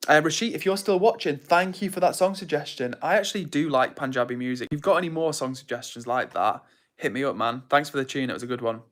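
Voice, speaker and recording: A man's voice: a little high, fast talker, fairly bright tone. A young man hosting a livestream, casually reading viewer comments and greeting people by name in a friendly, upbeat way. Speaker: livestream host.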